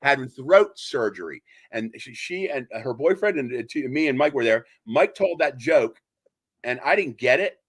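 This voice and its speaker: A man's voice: medium pitch, lively intonation, moderate pace, breathy edge. Rambling middle-aged man hosting a talk show. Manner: rambling, laughs at his own stories. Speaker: radio show host. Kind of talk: casual banter and joke telling.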